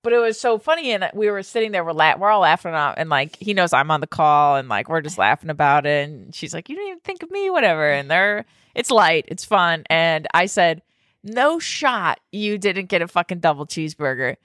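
A woman's voice: lowish voice, moderate pace, no echo, clean studio sound. A woman in casual chat, telling a funny story with lots of laughter and swearing, acting out what others said. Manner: animated storytelling, acts out others' lines, laughs often, swears.

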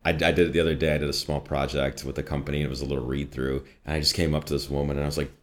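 A man with a slight Midwestern accent and an extremely low, deep voice tells stories in a relaxed interview. He is animated and laughs easily, jumping up in pitch whenever he quotes someone. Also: racing. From US Midwest, Chicago northwest suburbs. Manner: animated storyteller, jumps high for quoted voices, laughs often. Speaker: voice actor and coach. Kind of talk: casual interview chat.

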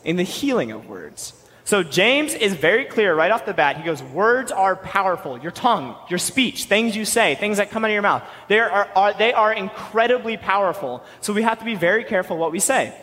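A young man preaching a sermon, animated and quick-talking, with joking asides. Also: high voice, in a large hall.

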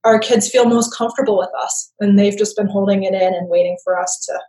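Woman interview guest, medium pitch, conversational explainer with "right?" tags, roomy echo. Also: steady tone, fairly quick, mellow. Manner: conversational, frequent tag "right?". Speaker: guest expert on attachment.

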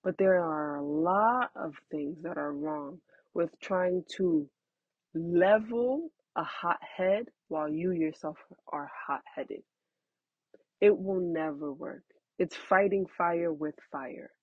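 Young woman, husky, unhurried, earnest parenting chat, dry lo-fi recording. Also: lowish voice, dry recording. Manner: earnest, chatty, laughs often. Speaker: parenting host. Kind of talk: casual advice talk. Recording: dull lo-fi sound.

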